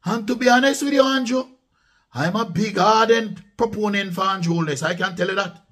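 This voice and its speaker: A man's voice: sits high, a little fast, a bit bright. A man with a Jamaican accent giving emphatic political commentary in a casual vlog, dropping into patois and repeating points for stress. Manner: emphatic, repetitive, mixes patois into speech.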